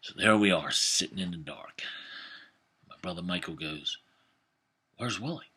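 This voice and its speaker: A man in his fifties telling a family story in a folksy, animated way, with some hesitations. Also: low-pitched, moderate pace, husky. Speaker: vlogger. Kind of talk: storytelling monologue.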